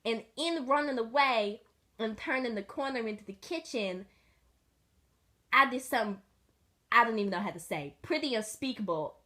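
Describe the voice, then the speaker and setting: A woman's voice: on the high side, moderate pace, long pauses. Young woman telling a rambling comic story. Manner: rambling, deadpan, profane. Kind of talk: comic first-person narration as a pet dog.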